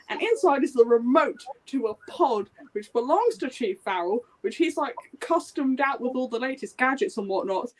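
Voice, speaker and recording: High-voiced woman animatedly retelling a story. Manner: animated retelling with acted quotes. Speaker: book club member. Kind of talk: casual book club chat.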